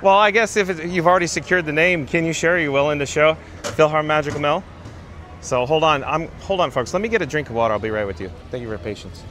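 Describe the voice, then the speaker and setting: A man's voice: on the high side, fast talker, fairly bright tone, slight background noise. Chatty man live-streaming a park walk. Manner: chatty, reads viewer comments aloud and answers them. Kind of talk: live-streamed walking tour with chat reading. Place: outdoors walking through a theme park.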